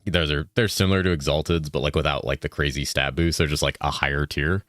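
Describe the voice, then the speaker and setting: A man with a very low voice streams a game and talks casually to his viewers. He explains items, jokes around and swears now and then. His voice sounds dry and close, with no room around it. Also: steady tone, fast talker, a bit bright, dry recording. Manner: loose and joking, swears. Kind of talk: casual gameplay chat.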